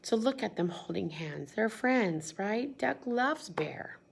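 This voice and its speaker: A woman's voice: mid-range voice, takes it slowly, gravelly, breathy edge. A woman teacher reading a picture book aloud to young children, asking them questions as she goes. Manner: animated, questioning, kid-directed. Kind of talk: read-aloud storytime lesson.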